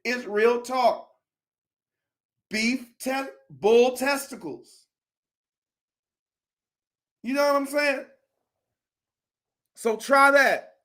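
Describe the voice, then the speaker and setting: Man, comic storyteller, slangy, animated, high bright voice, slow delivery. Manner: animated, slangy, laughs loudly. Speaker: comedic storyteller. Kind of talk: casual comedic chat.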